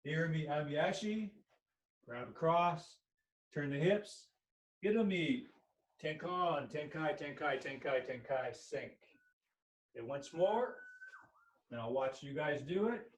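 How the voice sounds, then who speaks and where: A man's voice: a little high, animated, slow pace, pauses often. A male aikido instructor teaching an online class, calling out short technique cues while he demonstrates. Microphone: laptop or camera mic at a distance. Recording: echoey room, distant mic.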